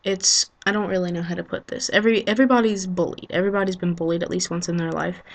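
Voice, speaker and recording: A woman speaks straight into a low-grade built-in webcam mic, her voice sitting on the low side and barely moving in pitch. She talks haltingly and with feeling, sighing often and filling gaps with ums and you-knows as she works out what to say. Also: steady tone. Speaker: vlogger. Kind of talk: unscripted heartfelt monologue to camera.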